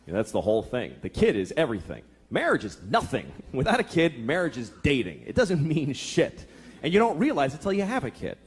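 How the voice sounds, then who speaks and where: Crude, exasperated stand-up comic. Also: male voice, on the high side, huge pitch swings, brisk, breathy edge. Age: 30s. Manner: crude, exasperated, acts out voices. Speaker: stand-up comedian. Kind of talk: stand-up comedy routine. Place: comedy club stage with audience. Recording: live club recording, loud crowd laughter.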